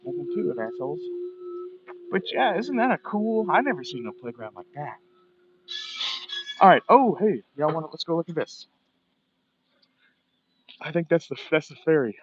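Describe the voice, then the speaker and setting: A man's voice: on the high side, sing-song, normal speed, pauses often, lo-fi sound, soft background music. A man, livestreaming as he walks outdoors by the water, talking casually, cursing often and ranting, a bit out of breath. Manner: profane, rambling, ranting.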